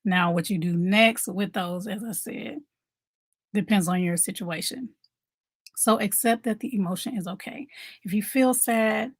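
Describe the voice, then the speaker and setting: A woman's voice: mid-range voice, no room sound. Dry-sounding woman coaching fellow moms. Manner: conversational, repeats key points, asks viewers questions. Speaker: mom coach. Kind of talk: motivational talk to camera.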